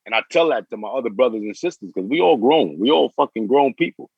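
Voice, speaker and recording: Brief: forties male guest, husky and dry, cursing street-slang storyteller, lo-fi dull recording. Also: mid-range voice, animated, fast, no echo. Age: 40s. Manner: profane street slang, repeats and restarts phrases. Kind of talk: casual interview storytelling.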